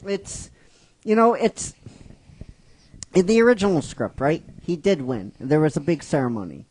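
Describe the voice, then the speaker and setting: A man's voice: a little high, lively intonation, moderate pace, a little mellow. A man casually retelling his own fan script, rambling and repeating himself, and often asking "right?" as he goes. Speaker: fan script writer and narrator.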